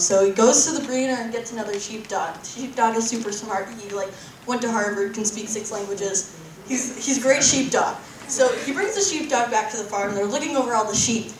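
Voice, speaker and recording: A woman's voice: fairly high pitch, a little fast, a little hiss or hum. A woman contestant telling a long joke to a panel audience in a breezy, casual way. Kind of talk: storytelling a joke. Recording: echoey hall, distant mic.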